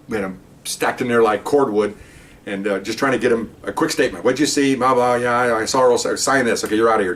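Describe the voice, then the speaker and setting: Speaking at a fairly low pitch into a distant mic, an older man who retired from the police tells a story to camera. He's casual yet animated, performing each person's quoted lines in their own voice.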